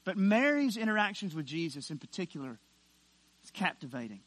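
High, bright-voiced preaching man. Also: very animated, a little fast, dry recording. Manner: emphatic preaching, swinging from hushed to loud. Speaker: pastor. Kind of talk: sermon.

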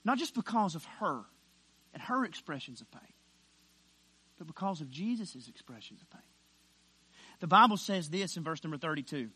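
Man, pastor, emphatic sermon, bright tense voice, hushed to loud. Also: on the high side, big pitch swings, normal speed, long pauses, slightly rough, no room sound.

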